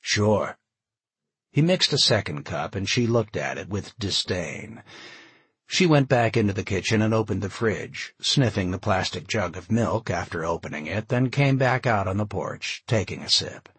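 Male audiobook narrator, low husky voice, lively intonation. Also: no room sound. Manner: expressive, measured storytelling.

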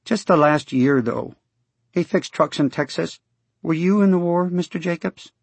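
A man voicing an excited, chatty six-year-old boy in an audiobook reading. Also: moderate pace, creaky, husky, no room sound. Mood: eager. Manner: high, eager, breathless chatter. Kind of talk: audiobook character voice.

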